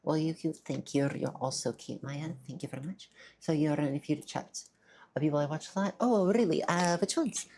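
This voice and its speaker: A woman streamer in casual live-stream chat, soft-spoken, shy and stammering as she thanks her viewers. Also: low-pitched, steady tone, a little fast, a little hiss or hum.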